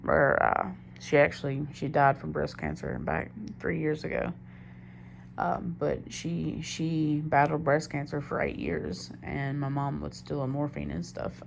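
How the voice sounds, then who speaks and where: A woman's voice: low voice, creaky, a little hiss or hum. A young woman recounting a personal story in a candid, rambling confessional monologue, often doubling back on herself. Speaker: diary vlogger.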